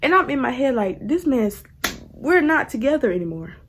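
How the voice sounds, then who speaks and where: A young woman telling a casual storytime to her viewers, animated and laughing as she goes. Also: high-pitched, moderate pace, background noise. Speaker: vlogger.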